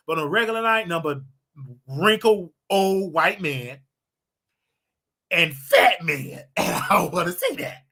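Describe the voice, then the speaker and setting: A man hosting his own livestream show, talking casually in a preachy, animated way with laughing asides. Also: high-pitched, measured pace.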